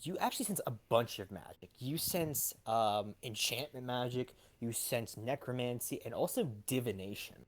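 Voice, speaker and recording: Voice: mid-range voice, lively intonation, normal speed, hardly any pauses. A game master narrating a tabletop game scene, hesitant and full of fillers.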